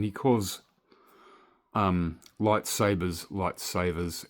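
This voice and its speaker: A man with an Australian accent, chatting casually and rambling through a story as a toy collector vlogger. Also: deep voice. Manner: chatty, meandering, swears casually.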